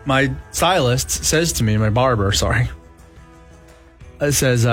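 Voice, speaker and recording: A man co-hosting a casual podcast chat, playful and quick to agree and joke. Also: on the low side, faint music behind. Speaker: podcast co-host.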